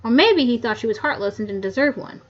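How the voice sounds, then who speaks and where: A woman reading the lines of a grumpy old male coroner, loud and gruff, on a muffled lo-fi mic. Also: fairly high pitch, expressive, fast talker. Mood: grumbling.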